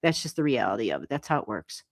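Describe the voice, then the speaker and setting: A woman giving live astrology readings on a stream, chatty and animated, swearing casually and laughing often. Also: rumbling low, fast talker. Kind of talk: casual livestream chat.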